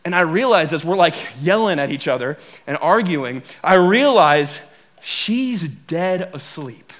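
A male pastor delivers a sermon as a lively personal story. His voice sits high and bright, leaping up and down as he acts out the quoted lines. He talks in restless bursts, repeating words and filling gaps with fillers. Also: measured pace.

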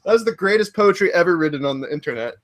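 Giggly, animated podcast host man. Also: high voice, very fast. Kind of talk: casual podcast chat.

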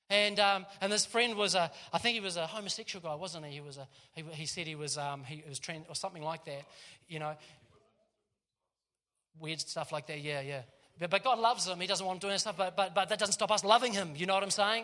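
A man preaching a sermon in a church, telling street stories in an animated way and laughing often. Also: sits high.

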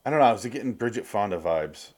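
A man's voice: lowish voice, expressive, a little mellow, breathy edge. A man co-hosting a movie podcast, chatting casually and jokingly acting out film lines. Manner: jokey, acts out movie lines in quick voices. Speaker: podcast co-host. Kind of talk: casual movie review chat.

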